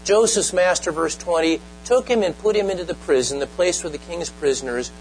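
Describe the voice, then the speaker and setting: A man's voice: a little high, a little fast, a little hiss or hum, low-quality recording. A man preaching a sermon, earnest and emphatic, often stopping to ask the listeners direct questions. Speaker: pastor.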